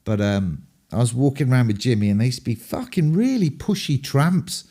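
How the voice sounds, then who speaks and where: A man's voice: mid-range voice, big pitch swings, a little fast, warm tone. An English man, a rock band frontman, telling candid stories in a rambling, profane way with lots of ums. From England. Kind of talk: candid anecdotal storytelling.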